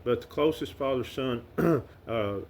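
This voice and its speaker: Halting middle-aged Arkansas man. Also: mid-range voice, darkish tone, a little hiss or hum. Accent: Arkansas Southern. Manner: halting, with many fillers and restarts. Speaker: son paying tribute to his late father. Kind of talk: casual heartfelt storytelling to camera.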